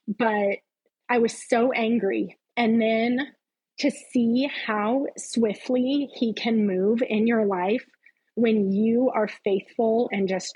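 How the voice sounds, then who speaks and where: A woman's voice: mid-range voice, a little mellow, breathy edge, rough recording. A middle-aged woman, a podcast guest, giving an earnest, heartfelt personal faith testimony.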